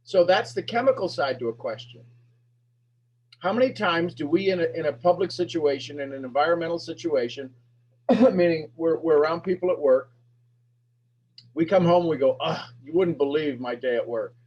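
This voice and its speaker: A man coaching a sales master class, firing emphatic, repetitive questions at his audience and pushing his voice up toward a shout. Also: on the high side, normal speed, long pauses, slightly rough, highs cut off. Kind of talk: animated teaching talk to an online audience.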